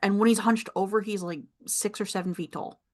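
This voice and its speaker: A woman's voice: medium pitch, fairly even intonation. Woman narrating a tabletop adventure. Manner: descriptive, pausing, easy laughs. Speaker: game master.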